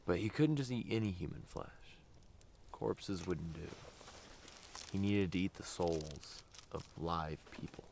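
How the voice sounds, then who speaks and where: A man's voice: low-pitched, measured pace, creaky, a little mellow, full character voice. A young man telling an ominous campfire story to friends.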